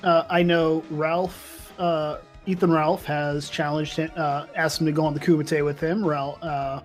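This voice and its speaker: A man's voice: on the high side, level tone, a little slow, soft background music. A man in casual livestream chat, hesitant and full of ums, telling crude jokes.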